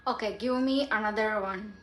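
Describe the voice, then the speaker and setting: A woman vlogger talking casually and practicing pronunciation slowly and deliberately. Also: mid-range voice, fairly bright tone. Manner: slow, careful and deliberate while practicing. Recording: echoey room with faint noise.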